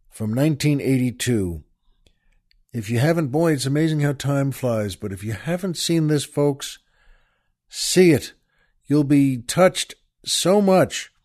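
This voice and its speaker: A man's voice: on the high side, a little mellow. A man hosting a radio talk show, retelling a film scene in a folksy, emphatic way and repeating himself as he gets carried away.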